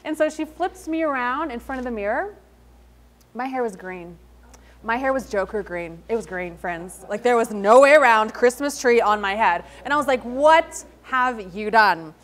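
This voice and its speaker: A woman with a slightly bright voice on the high side speaks as an invited speaker at an entrepreneurship event, addressing an audience in an event hall. Her motivational talk is built on stories, and she acts out the quoted lines as she tells them.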